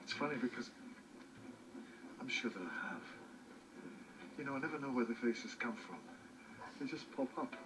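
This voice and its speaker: A man's voice: mid-range voice, normal speed, long pauses, noisy background, natural voice. An actor with a Scottish accent playing a freshly changed, eccentric male alien who rambles and jumps between thoughts. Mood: baffled rambling. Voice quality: rambling, excitable, jumpy. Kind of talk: film drama dialogue.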